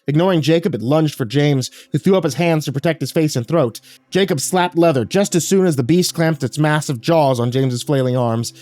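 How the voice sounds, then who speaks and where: A man's voice: a little high, brisk, a little mellow, no echo. A man reading a horror story aloud in a dramatic storytelling manner. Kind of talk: scripted horror narration.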